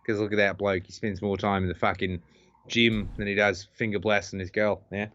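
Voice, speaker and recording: A man's voice: fairly low pitch, flat delivery, fairly quick, a bit bright, muffled recording. A man co-hosting a live-streamed podcast, joking crudely and putting on mocking voices. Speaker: podcast co-host. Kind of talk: crude comedic livestream chat.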